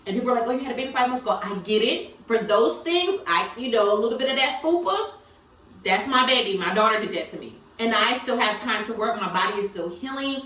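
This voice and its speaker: A woman's voice: on the high side, expressive, a little fast, a bit bright, slight background noise. A tearful young woman talking candidly and emphatically in a confessional vlog, laughing through her tears. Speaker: vlogger. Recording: roomy sound from some distance, faint background ambience.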